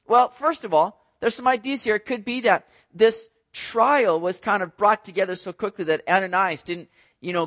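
A man's voice: high-pitched, fairly bright tone. A man teaching verse by verse through a Bible passage in a conversational, explanatory manner.

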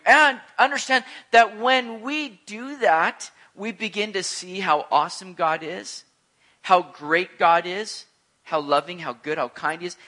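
A man preaching a sermon as a pastor, animated, with joking asides. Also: high-pitched, a little slow.

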